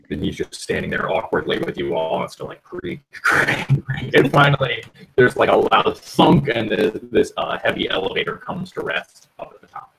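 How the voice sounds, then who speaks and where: Man game master, gravelly and husky, halting narration full of ums. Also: fairly low pitch, a bit bright, poor audio. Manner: halting, lots of ums and uhs.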